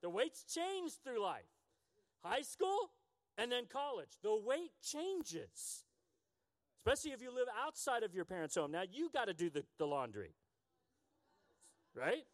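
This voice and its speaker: A man in his fifties, a pastor preaching a sermon with animated, humorous storytelling. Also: very high voice, unhurried, pauses often, big-room sound. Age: 50s.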